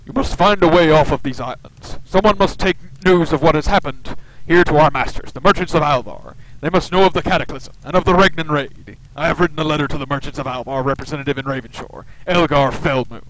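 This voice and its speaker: A man's voice: fairly high pitch, a little fast, few pauses, fairly bright tone, slight background noise, lightly acted, rough recording. A man voicing a formal male expedition leader from a video game, reading the lines in a stiff, formal way.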